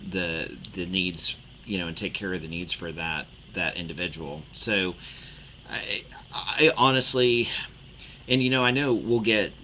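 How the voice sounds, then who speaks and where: A male co-host and chaplain talking in a relaxed, thoughtful way, hedging with fillers. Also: low voice, slight background noise, rough recording. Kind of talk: casual podcast conversation.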